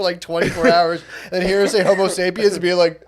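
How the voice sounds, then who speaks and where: A man's voice: high-pitched, level tone, fast, hardly any pauses. A young adult man on a comedy podcast, telling crude stories and acting out the quoted lines. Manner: crude storytelling, acts out quotes. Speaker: podcast co-host. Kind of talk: casual comedic chat.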